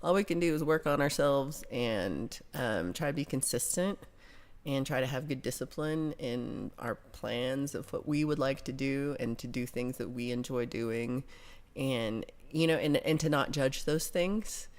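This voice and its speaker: A woman's voice: a bass voice, unhurried, darkish tone. An American woman hosting a livestream, chatting casually and reading viewer comments aloud in a rambling way, with casual swearing. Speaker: livestream host.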